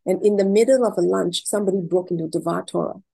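A woman's voice: fairly low pitch, fast, creaky, warm tone, husky, rough recording. Effusive middle-aged woman telling stories. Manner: emotional, effusive, repeats words when moved. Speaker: interviewee. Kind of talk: heartfelt personal storytelling.

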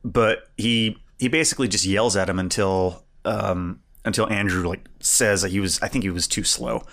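A man's voice: fairly low pitch, fairly even intonation, normal speed, fairly bright tone. A man co-hosting a film podcast, talking in a laid-back way and often chiming in with agreement. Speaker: podcast co-host. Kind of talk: casual film review chat.

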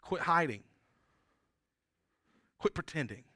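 A man's voice: on the high side, lively intonation, slow, sharp tone, no echo, clean studio sound. A man preaching a sermon as pastor, talking in an earnest, conversational way with frequent restarts and tag questions.

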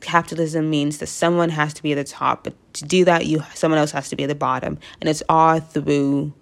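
A woman's voice: sits low, little pitch movement, a little fast, creaky. A woman from the United States talking casually to camera, rambling through her thoughts with frequent laughs and asides. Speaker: vlogger.

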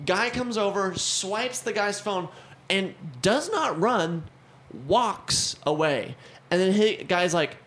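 A young man co-hosts a podcast, telling a story in a casual chat with a high, slow voice. He's an animated storyteller who acts out the people in his stories.

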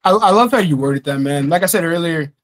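A man's voice: on the high side, lively intonation, a little fast. A young man hosting a casual podcast, talking in an earnest, heartfelt way and swearing freely. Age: young adult. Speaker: podcast host.

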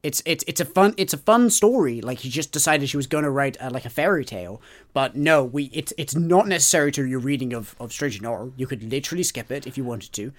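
A man's voice: medium pitch, fast talker. A man co-hosting a book podcast, chatting casually and giving his opinions with enthusiasm. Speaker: podcast co-host. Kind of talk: casual chat about a book.

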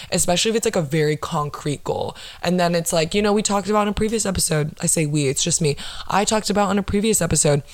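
Woman podcaster going off on a sweary sarcastic rant, lots of likes and fillers. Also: fairly low pitch. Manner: profane, sarcastic ranting with many fillers. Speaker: podcast host.

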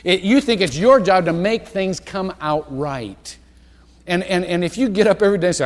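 A male pastor delivers a sermon in a church sanctuary. His voice sits high and swings widely in pitch as he breaks into himself with side remarks and soft chuckles. A long church reverb trails each phrase. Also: expressive. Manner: rambling, self-interrupting, with quick asides and chuckles.

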